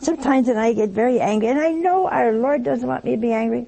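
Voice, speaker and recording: Gravelly older woman telling a folksy sermon. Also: a little high, quick pace, mellow, slight background noise. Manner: folksy, chatty, acts out dialogue in different voices. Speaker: religious speaker. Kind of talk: storytelling sermon.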